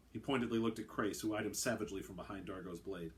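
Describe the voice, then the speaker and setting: A man narrating his own story aloud in a brisk, wry way. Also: lowish voice.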